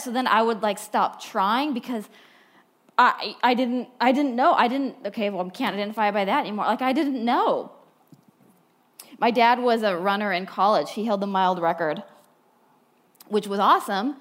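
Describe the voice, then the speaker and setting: Woman preacher, fairly high voice, animated storyteller, sermon talk. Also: normal speed. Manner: animated storytelling, wide swings from bright to hushed. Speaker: speaker at a church talk.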